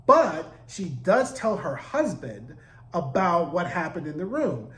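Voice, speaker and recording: A man's voice: on the high side, very animated, slow pace, fairly bright tone, reverberant, poor audio. A man giving a casual recap of a TV episode, sassy and profane with chatty asides. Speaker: TV recap reviewer.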